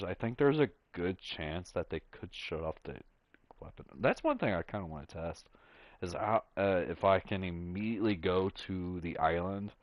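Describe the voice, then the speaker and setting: Slow, halting deep-voiced gamer. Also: male voice, dry recording. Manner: slow and halting, many fillers and pauses. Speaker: gameplay streamer. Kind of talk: casual commentary.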